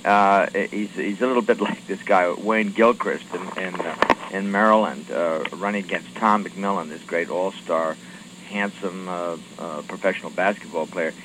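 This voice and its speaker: A man, a congressman, answering questions from radio reporters in a halting way, with many fillers and restarts. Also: sits low, fairly even intonation, background noise. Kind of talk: radio call-in interview.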